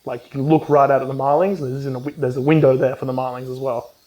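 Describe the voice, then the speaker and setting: A man's voice: mid-range voice, flat delivery, quick pace, lo-fi sound. A man recapping a book casually, rambling with lots of ums and swearing, and acting out the characters' lines. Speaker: book reviewer.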